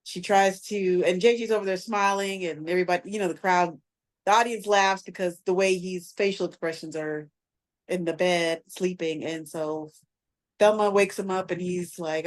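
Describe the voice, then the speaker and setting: A woman's voice: fairly low pitch, fairly even intonation, moderate pace. A woman co-hosting a podcast, casually retelling a TV episode in a rambling way with lots of fillers and restarts. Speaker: podcast co-host. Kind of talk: casual recap chat.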